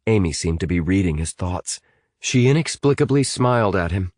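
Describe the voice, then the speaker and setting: A man narrating a thriller audiobook in a fairly low voice that rises and falls a great deal. He reads with dramatic expression on a close mic. The recording is dry, with no room sound. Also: animated, moderate pace, a little mellow, dry recording.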